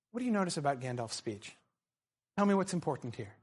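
A man teaching a literature seminar, animated and calling on students by name. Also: a little high, fast talker, slightly rough. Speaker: teacher leading a literature discussion. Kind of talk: seminar discussion.

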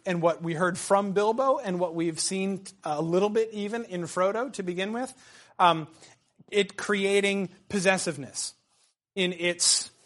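A man's voice: high-pitched, fairly bright tone. A man giving a casual literature lecture, talking conversationally with many fillers and restarts. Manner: conversational, frequent fillers and restarts, reads quotes aloud.

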